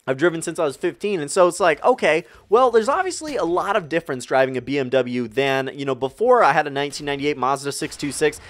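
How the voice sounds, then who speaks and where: A young man vlogging a storytime rant, animated and profane, rambling with lots of fillers. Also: fairly high pitch, fast. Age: young adult.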